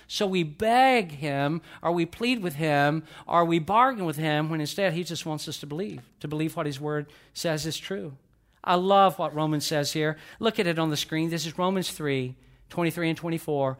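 A man's voice: fairly high pitch, fairly quick, a bit bright. An older man preaching a sermon in a folksy way, telling stories and asking the congregation questions. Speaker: pastor.

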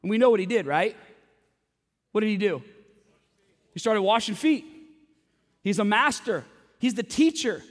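A male pastor delivers a Sunday sermon with a notably high voice. He talks to the congregation conversationally, tossing out rhetorical questions and stumbling over repeated words. His voice rings out with a long reverb across a large hall. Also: expressive, moderate pace, long pauses. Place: church service.

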